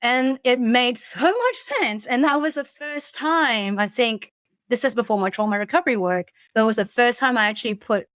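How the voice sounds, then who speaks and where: Candid woman guest, halting and reflective. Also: on the high side, lively intonation, smooth, no room sound. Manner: halting, many restarts and soft laughs. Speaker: podcast guest. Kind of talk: candid personal storytelling.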